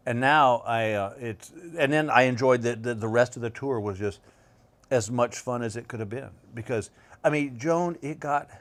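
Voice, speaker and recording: A middle-aged male comedian chatting casually as a guest, telling rambling stories with a slow drawl and many restarts. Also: mid-range voice. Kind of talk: casual chat. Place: bedroom set.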